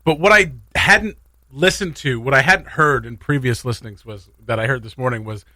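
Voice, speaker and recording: A man's voice: medium pitch, normal speed, bright, forceful tone, no echo, studio quality. A man hosting a morning radio show, chatting casually and laughing often. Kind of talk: casual chat. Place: radio studio.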